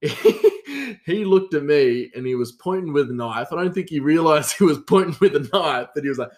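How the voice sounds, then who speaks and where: A man's voice: on the high side, very animated, moderate pace, darkish tone. A young man telling casual stories in a rambling way, laughing often. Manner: rambling, lots of fillers and restarts, frequent laughter. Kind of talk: casual storytelling.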